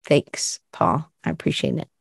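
A woman's voice: moderate pace, dry recording, clean studio sound. A middle-aged woman hosting a podcast in a casual, rambling, self-reflective chat full of fillers. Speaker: podcast host.

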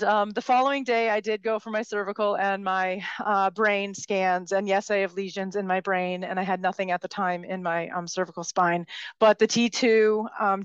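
A woman's voice: mid-range voice, clear, resonant tone, no room sound, lo-fi sound. A woman giving a personal storytelling talk, speaking in a passionate, vocal way. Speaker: speaker at a live talk event.

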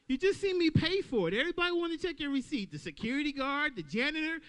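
A man doing a stand-up comedy set at an open mic, talking loudly and playing out little voices for the crowd. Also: very high voice, quick pace, few pauses. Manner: loud, animated crowd work with acted-out voices.

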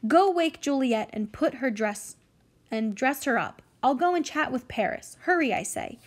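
A woman's voice: sits high, big pitch swings, normal speed, exaggerated voice. A woman doing a fussing, bossy old nurse. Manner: bossy, scolding, then wailing. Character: fussing older female nurse, bossy then panicked.

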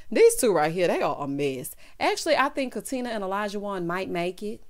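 A woman giving a sassy, animated recap of a reality show, quoting the couples in put-on voices. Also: mid-range voice, a little fast, hardly any pauses. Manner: sassy, animated, quotes people in character voices. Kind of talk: casual commentary recapping an episode.

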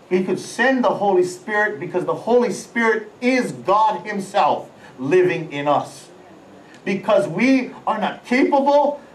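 A man, senior pastor, preaching a lively, animated live sermon. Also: high-pitched, far from the mic, slight background noise. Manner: lively, animated, with sound-effect words. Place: large auditorium during a church service. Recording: echoey hall, voice away from the mic, faint ambience.

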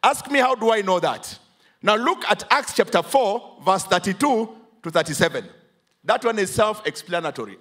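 Kenyan male pastor, high-pitched and animated, dramatic call-and-response preaching. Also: moderate pace, slightly rough. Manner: preaching, switches between English and Swahili; dramatic, swings from hushed to loud emphatic. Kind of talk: sermon with congregation call-and-response.

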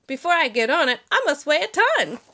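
A woman voicing a gentle, faithful male elephant who speaks earnestly in a storybook reading. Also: sits high, sing-song, brisk, exaggerated voice.

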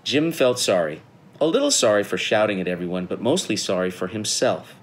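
A middle-aged man reading a children's picture book aloud in a friendly, animated storytelling manner. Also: fairly low pitch, fairly quick. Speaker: guest reader.

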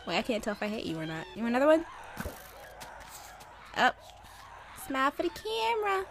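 A woman's voice: medium pitch, fairly quick, a little hiss or hum. A young woman giving casual, sarcastic let's play commentary, talking to the game's creatures as she plays. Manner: animated, sarcastic, talks to game creatures.

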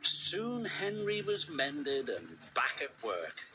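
A man narrating a children's storybook in an expressive read-aloud style. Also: medium pitch, takes it slowly, few pauses, rough recording. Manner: lively, expressive reading. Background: background music.

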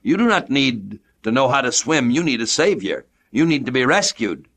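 A middle-aged man from the United States preaching a radio sermon with a formal, measured cadence. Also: medium pitch, sing-song, a bit bright.

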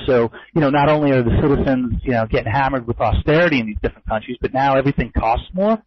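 A man talks through the markets in an offhand, conversational way, full of fillers, restarts and wry jokes. His voice is middling in pitch and close to the mic. The sound is dull and muffled, with no room echo at all. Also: fast talker, hardly any pauses. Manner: loose and conversational, many fillers, wry asides. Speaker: forex trader and trading educator. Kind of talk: casual market commentary webinar.

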